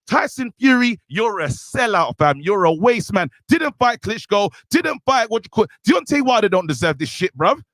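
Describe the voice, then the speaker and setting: A man's voice: high-pitched, very animated, normal speed, few pauses, fairly bright tone, dry recording. A young man, a podcast co-host ranting angrily in heated chat. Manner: ranting, worked up, calls out a boxer directly. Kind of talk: heated rant.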